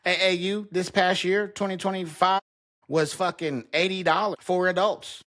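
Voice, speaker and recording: A man's voice: sits high, steady tone, moderate pace, fairly bright tone. A man in his thirties or forties hosting a casual solo podcast, venting frankly and with heavy swearing, recorded alone in his home basement while talking to a camera. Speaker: podcast host.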